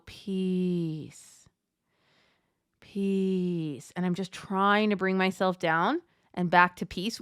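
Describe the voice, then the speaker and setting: A woman's voice: mid-range voice, fairly bright tone, clear, resonant tone, no echo. Encouraging woman life coach, dry sound. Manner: encouraging, direct, addresses listener as friend. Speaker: life coach for Catholic mothers. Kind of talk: motivational talk to listeners.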